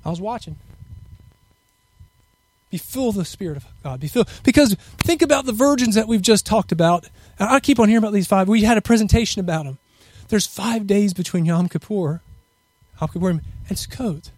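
A man's voice: sits high, a little fast, darkish tone, no room sound. A middle-aged man preaching a fervent sermon and leading prayer, rising to impassioned peaks and using Hebrew terms.

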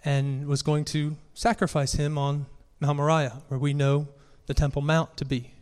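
A man's voice: on the high side, level tone, moderate pace, a little mellow. A man preaching a sermon to a congregation, earnest and building force as he reads scripture aloud. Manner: earnest, rises and presses when reading scripture aloud. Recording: long reverb of a hall.

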